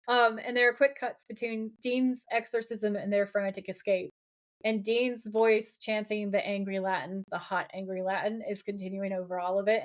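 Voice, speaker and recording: A woman podcast co-host recapping a TV episode in casual chat, acting out the characters' lines and swearing freely. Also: medium pitch. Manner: animated, acts out quoted dialogue, swears casually.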